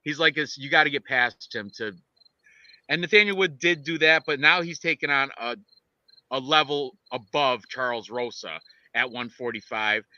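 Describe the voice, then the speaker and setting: Bright-voiced man rambling about fights. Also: mid-range voice, moderate pace, dry recording, highs cut off. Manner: rambling, excitable, lots of restarts. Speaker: podcast co-host and fight picker. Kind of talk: casual fight-picks chat.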